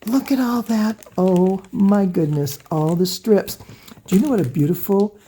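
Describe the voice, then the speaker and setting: A woman hosting a quilting vlog, gushing with excited exclamations as she shows items to the camera in her home sewing room. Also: mid-range voice, measured pace, breathy edge. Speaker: quilting channel host. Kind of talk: casual show-and-tell vlog. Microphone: camera close by on a table.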